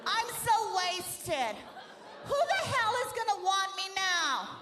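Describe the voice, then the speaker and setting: A man voicing a drunk, whiny young woman at a club in a high squealing falsetto, slow and slurred. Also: sing-song, heavy background noise, exaggerated voice. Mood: drunk, weepy. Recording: live stand-up with loud crowd.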